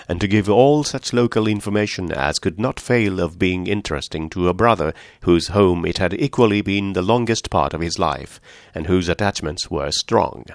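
A man reading a classic novel aloud in measured, careful scripted narration. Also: sits low, no room sound, studio quality. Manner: measured, even, careful phrasing. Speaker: audiobook narrator.

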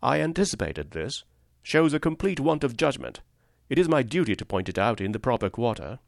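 A man's voice: medium pitch, sing-song, brisk, vocal fry, dry recording, clean studio sound, voice pushed up. A man voicing a scheming, self-righteous company manager who sighs and speaks with false sorrow, in an audiobook reading. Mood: heated. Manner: cautious, sighing, falsely sorrowful. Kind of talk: audiobook character voice.

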